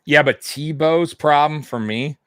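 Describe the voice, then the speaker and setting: Laughing, animated man co-hosting a game stream. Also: fairly high pitch, unhurried, clear, resonant tone, no echo. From half Italian heritage. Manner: animated, laughs often, repeats himself. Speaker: co-host of a sports watch-party stream. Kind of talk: casual live football chat.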